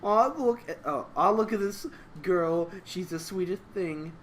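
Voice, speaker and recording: A man's voice: high-pitched, a little slow, a bit bright, slight background noise. A man co-hosting a casual commentary stream, rambling and trailing off as he reads comics aloud. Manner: rambling, giggly, trails off mid-sentence. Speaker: co-host reading comics aloud.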